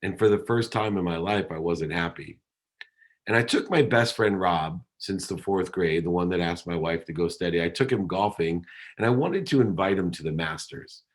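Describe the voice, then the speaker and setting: A man's voice: low voice, normal speed. A middle-aged man giving a motivational keynote, telling a personal story with dramatic delivery. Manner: dramatic storytelling, acts out quoted dialogue. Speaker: keynote speaker.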